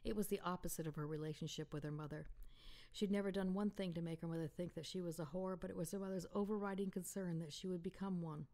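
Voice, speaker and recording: A woman author reading aloud from her romance novel in a calm, intimate manner. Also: lowish voice, fast. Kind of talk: audiobook narration.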